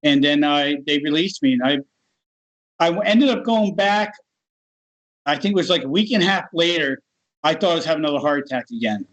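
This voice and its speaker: Animated storytelling man, fairly high voice. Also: fairly quick, long pauses, highs cut off. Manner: animated, acts out other people's voices in his stories. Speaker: guest. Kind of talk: casual storytelling.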